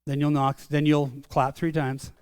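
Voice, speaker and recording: An older man preaching a sermon as pastor, earnest and conversational, slowing down for solemn lines. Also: on the high side, level tone, darkish tone, smooth, dry recording, clean studio sound. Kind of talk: sermon storytelling. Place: church sanctuary.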